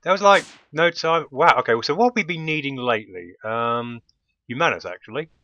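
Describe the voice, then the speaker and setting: A man's voice: mid-range voice, lively intonation, brisk, bright, forceful tone, no echo, lo-fi sound. A man giving casual commentary while playing a game, often bursting into delighted exclamations. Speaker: let's play host.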